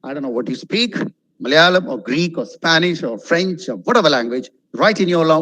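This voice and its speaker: A man teaching spoken English over a video call, his voice sitting a little high for a man. He drags out words and swings his pitch up and down on purpose to show how intonation works. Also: rough recording. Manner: animated, drawn-out demonstrative intonation. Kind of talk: webinar lecture. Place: online webinar.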